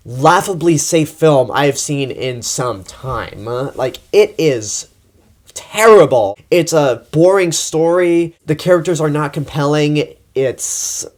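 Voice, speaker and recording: A man's voice: medium pitch, darkish tone. A young man from Texas giving a blunt, exasperated movie review monologue and swearing freely. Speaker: film critic.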